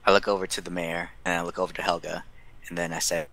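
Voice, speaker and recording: Deep, flat-voiced man playing a tabletop game. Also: fast. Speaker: player. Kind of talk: tabletop game role-play.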